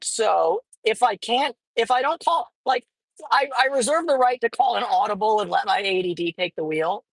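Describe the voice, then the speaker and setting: Her voice sits fairly high and sounds husky as she drives and talks to the camera in a loose, meandering way, leaning on fillers and swearing now and then. There's no room sound, and the audio is poor.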